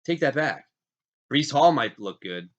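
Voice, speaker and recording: A man's voice: mid-range voice, unhurried. Hyped man talking fantasy football, lo-fi. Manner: animated, hyped, self-interrupting. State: recovering from illness, coughing. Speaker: fantasy football league host. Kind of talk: casual fantasy sports talk. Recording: dull lo-fi sound.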